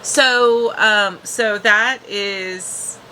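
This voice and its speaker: Woman, TV reviewer; casual, rambling recap delivery, bright forward tone. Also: medium pitch, extremely slow, slight background noise, rough recording. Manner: chatty, restarts and fillers.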